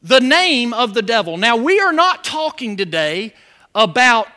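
This animated sermon comes from a male pastor whose voice is extremely high and whose pace is unhurried. He keeps engaging the congregation with call-and-response questions.

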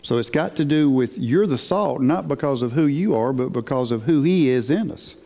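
A man preaching a sermon in an unhurried, emphatic way, asking his listeners questions. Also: mid-range voice, lively intonation, dark tone. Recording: hall with long reverb.

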